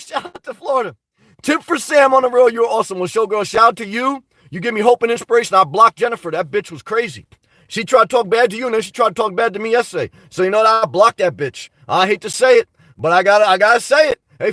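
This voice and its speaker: High-voiced man rambling on a livestream. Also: sharp tone, dry recording. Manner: rambling, blunt and profane, addresses viewers as guys. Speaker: livestream host reading viewer chat. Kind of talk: casual live chat. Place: home in New Jersey. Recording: dry sound, mic at a distance.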